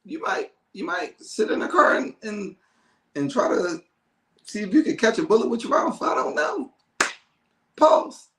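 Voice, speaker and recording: A man hosting a casual talk show, telling stories with lively acted-out dialogue. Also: sits high, measured pace, long pauses, roomy sound. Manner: animated storyteller, acts out calm and angry callers. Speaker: podcast host. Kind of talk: casual storytelling chat.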